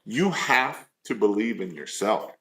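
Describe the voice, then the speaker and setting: A man's voice: lowish voice, lively intonation, unhurried, a bit bright. A man coaching small business owners in a live stream, earnest and repetitive, firing off rhetorical questions.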